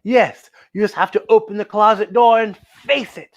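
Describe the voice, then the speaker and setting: A woman voicing a calm male school librarian in a storybook read-aloud, speaking softly and reassuringly. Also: medium pitch, moderate pace, highs cut off, lightly acted.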